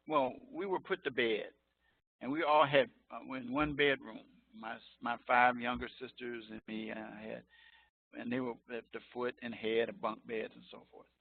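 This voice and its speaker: A man's voice: mid-range voice, creaky. A professor in his sixties from Chicago, giving a chatty, joking lecture that drifts off topic with frequent laughter. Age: 60s. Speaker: college professor. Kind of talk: informal online lecture. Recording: tinny phone-like line, dry.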